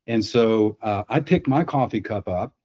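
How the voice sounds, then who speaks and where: A man's voice: lowish voice, animated, measured pace, darkish tone, lo-fi sound. A man on a video call explaining sales psychology through anecdotes, often restarting his words. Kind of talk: storytelling on a webinar panel.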